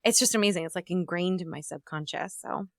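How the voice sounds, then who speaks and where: A woman's voice: fairly low pitch, brisk, vocal fry, no echo, clean studio sound. A woman from New Jersey chatting casually as podcast host, telling stories with animation and acting out the lines she quotes.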